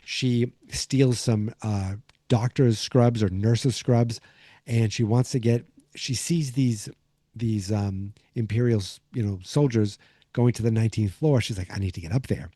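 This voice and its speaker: Dark-voiced man rambling through a recap. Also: medium pitch, measured pace, no room sound, clean studio sound. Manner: rambling, many fillers and restarts. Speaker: podcast host. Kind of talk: casual episode recap.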